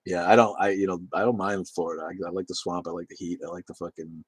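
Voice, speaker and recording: A man's voice: sits low, fairly even intonation, fast talker, breathy edge, dry recording. A man hosting a livestream, rambling and swearing as he reads chat comments and laughs along. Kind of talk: casual profane livestream chat.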